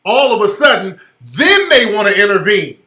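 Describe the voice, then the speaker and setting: A radio show host gives emphatic, slangy commentary over a video clip, getting loud when he's worked up. His high voice swings widely in pitch at normal speed, in a roomy, echoey recording.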